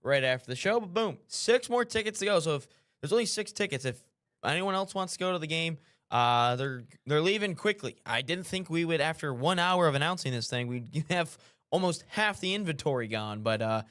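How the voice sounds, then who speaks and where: A man's voice: fairly high pitch, lively intonation, brisk, a bit bright. A man co-hosting a live show, talking in an easygoing, chatty, upbeat way. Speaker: co-host. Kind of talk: casual live show chat.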